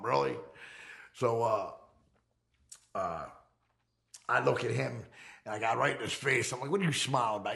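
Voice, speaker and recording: A middle-aged man speaks in a gravelly, rough-edged voice at an ordinary pitch. He tells his story in a candid documentary interview, and his delivery is streetwise, profane and animated. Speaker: interviewee recounting his criminal past.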